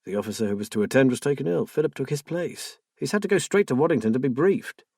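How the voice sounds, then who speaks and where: A strained, defensive husband, read by a male narrator whose husky voice swings in pitch. He speaks in the narrator's own voice. The sound is dry and close to the mic. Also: animated, fast talker, a little mellow, dry recording. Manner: pleading, then tense and exasperated.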